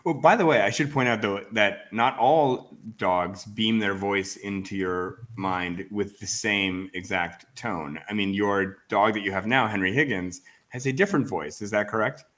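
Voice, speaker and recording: A man hosts an online book interview in a low voice. He is chatty and eager, and he often stumbles through fillers as he sets up his questions. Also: normal speed, hardly any pauses, fairly bright tone. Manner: enthusiastic, chatty, hesitant fillers. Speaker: host.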